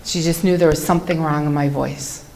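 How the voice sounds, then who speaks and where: Woman w a low voice telling her story to a crowd, earnest, slow n reflective. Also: steady tone, creaky, warm tone, a little hiss or hum. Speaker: speaker giving a personal testimony. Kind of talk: personal testimony talk to an audience.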